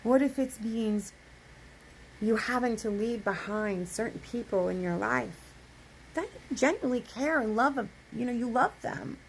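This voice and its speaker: A woman delivers a spiritual monologue in a fairly high voice. She talks emphatically, circling back on words and tossing in a casual curse or a "right?". There is a faint hiss behind her. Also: a little slow, vocal fry, low-quality recording. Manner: emphatic, repeats words, swears casually, says "right?" often. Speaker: spiritual speaker.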